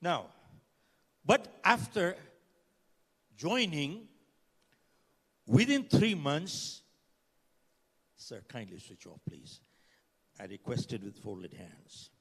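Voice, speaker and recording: Speaking extremely slowly with long pauses, this older man is very animated, his voice on the high side, fairly bright, and breathy at the edges. He's a motivational speaker delivering a keynote to a live audience in a conference hall, telling dramatic stories, acting out dialogue, and asking the crowd questions, all in reverberant hall sound.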